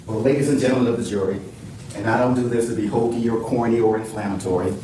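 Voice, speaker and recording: A man from New Orleans delivers an impassioned courtroom closing argument, loud and emotional, stacking words into rhetorical lists. He is heard from afar on a distant courtroom feed, with heavy echo and a faint hiss underneath. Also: on the low side, fairly even intonation, quick pace. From New Orleans, USA. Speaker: defense attorney. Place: large courtroom.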